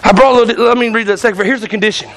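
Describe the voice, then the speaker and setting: A man's voice: high-pitched, steady tone, very fast, a bit bright. A male pastor preaching a fiery sermon in church, hollering and calling out to the congregation. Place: church sanctuary.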